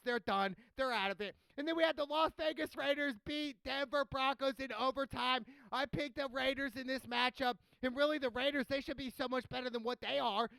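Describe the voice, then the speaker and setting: A man's voice: very high-pitched, vocal fry, fairly bright tone, smooth, no room sound, rough recording. A man giving a blunt, slangy football recap as a streamer, trash-talking teams in casual chat. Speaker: sports streamer.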